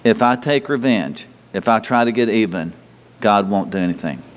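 A man's voice: on the low side, normal speed. A man preaching a sermon in a church, talking conversationally to the congregation, repeating words and asking rhetorical questions. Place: church sanctuary. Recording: long hall reverb.

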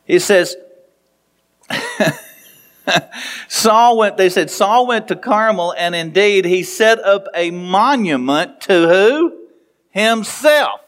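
A man preaching a sermon, retelling a story with playful asides and acting out the dialogue. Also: fairly bright tone. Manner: storytelling, playful, acts out dialogue with rising pitch. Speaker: pastor.

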